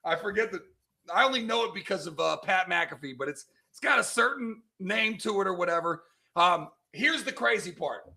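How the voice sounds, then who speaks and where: A middle-aged man from California hosts a casual sports talk show, loud, emphatic and quick to argue. His voice sits high and bright, with a gravelly edge of vocal fry running through it. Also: animated. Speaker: podcast host.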